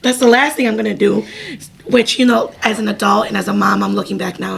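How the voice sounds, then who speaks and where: A woman's voice: medium pitch, flat delivery, fast talker, creaky, noisy background. A young woman co-hosting a podcast, telling a story in casual chat with lots of laughing and fillers. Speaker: podcast co-host.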